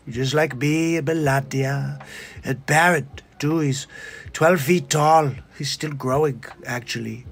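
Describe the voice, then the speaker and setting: A man's voice: a little high, a bit bright. A man doing a comic impression of a boastful older male tycoon politician who keeps repeating his catchphrases. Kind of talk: comedic celebrity impression.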